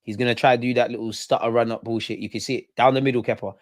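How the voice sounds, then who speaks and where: Young guy yelling at penalty takers on a live watch-along, dry close sound. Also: mid-range voice, racing, no room sound. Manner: heckling, excitable, mocking penalty takers. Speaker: football fan channel host.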